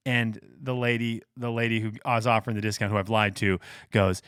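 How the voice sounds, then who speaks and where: A man's voice: fairly low pitch, steady tone, fairly quick, a bit bright, clean tone, dry recording, clean studio sound. A man hosting a podcast, telling a casual, rambling, self-mocking story and quoting the people in it. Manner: rambling, self-mocking retelling with quoted dialogue. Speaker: podcast host.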